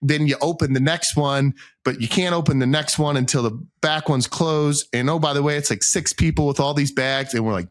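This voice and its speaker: A man co-hosting a podcast, telling a long self-mocking anecdote in a casual, animated way, acting out what people said. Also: fairly high pitch, moderate pace, dry recording, studio quality. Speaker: podcast co-host. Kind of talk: casual storytelling chat.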